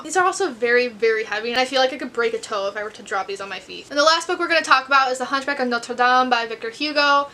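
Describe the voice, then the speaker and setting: Young American woman for a casual home book vlog; high, bright, chatty and rambling, pokes fun at herself. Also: slight background noise. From United States. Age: 20s. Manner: rambling, chatty, self-deprecating. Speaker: book vlogger. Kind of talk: casual chat to camera.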